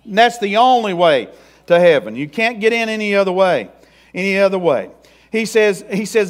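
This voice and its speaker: High-voiced, emphatic preacher man. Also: animated, moderate pace. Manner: folksy, emphatic preaching with rural dialect. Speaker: pastor. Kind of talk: sermon.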